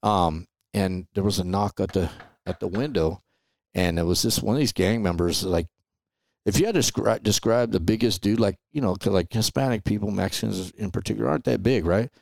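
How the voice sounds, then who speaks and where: A middle-aged man from Los Angeles tells stories as a podcast guest in a casual, animated way and often tosses in "man" and "right?". His voice sits low and has a gravelly fry, and it is recorded dry and close to the mic. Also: a little fast, dry recording. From Los Angeles, USA. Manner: animated storyteller, peppers talk with "man" and "right?". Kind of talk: casual storytelling interview.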